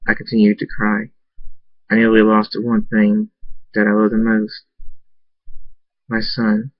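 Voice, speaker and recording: A man earnestly narrating a first-person fan story, halting and restarting at times. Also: lowish voice, monotone, no room sound, lo-fi sound. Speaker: amateur story reader.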